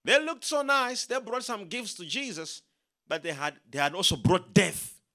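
A man preaching a sermon, emphatic and animated, leading the congregation in call-and-response. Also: high-pitched, moderate pace. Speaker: pastor.

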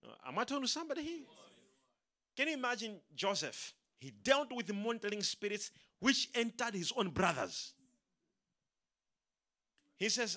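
Brief: bright, high male preacher, very animated delivery that swings up and down, repeats himself for emphasis. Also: normal speed, pauses often. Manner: animated, repeats words, acts out quoted speakers. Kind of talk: sermon.

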